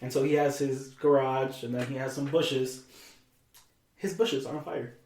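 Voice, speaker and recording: A young man, a podcast guest, talking in a calm, measured way and clearing his throat often. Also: mid-range voice, slight background noise. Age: young adult. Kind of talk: casual conversation. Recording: echoey room, mic at a distance.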